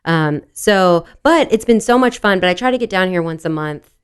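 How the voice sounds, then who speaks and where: A woman in her thirties, a podcast guest, telling an animated story and acting out the dialogue. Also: fairly low pitch, normal speed, clean tone. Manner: animated, acts out quotes in dialogue. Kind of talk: casual interview storytelling.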